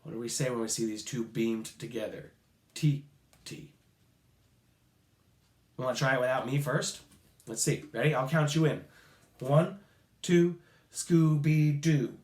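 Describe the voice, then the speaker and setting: A man's voice: mid-range voice, moderate pace, darkish tone, reverberant. A male music teacher leading children through a playful call-and-response rhythm lesson, chanting rhythm syllables.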